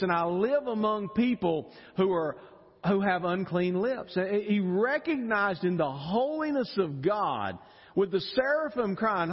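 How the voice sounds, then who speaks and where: Animated preacher man in an echoing hall. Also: high voice, slightly rough, highs cut off. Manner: animated, emotional, repeats words when stirred. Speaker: pastor. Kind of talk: sermon. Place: church sanctuary.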